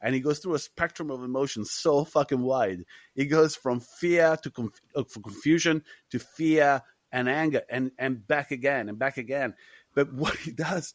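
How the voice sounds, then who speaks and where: A man's voice: a little high, fairly bright tone, no echo. A man co-hosting a film podcast, talking animatedly with lots of swearing and laughter. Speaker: podcast co-host. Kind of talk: casual film chat.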